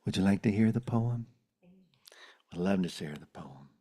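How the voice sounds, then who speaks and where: A man's voice: low-pitched, lively intonation, normal speed, dark tone. A man on a video call giving an earnest, contemplative spiritual talk and reciting a poem. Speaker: spiritual teacher.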